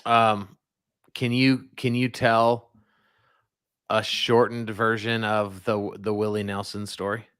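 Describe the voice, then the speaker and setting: A man hosting a casual interview show, enthusiastic, with quick interjections. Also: lowish voice, little pitch movement, a bit bright, clean tone. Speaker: host.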